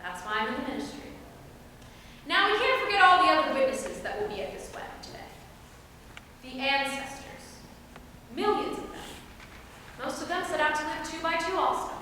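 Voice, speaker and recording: A woman performs a wry small-town minister in a stage play, her high, bright voice carrying from far off across a reverberant hall. Soft music sits behind her. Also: animated, a little hiss or hum. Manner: wry, unhurried storytelling. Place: theater stage.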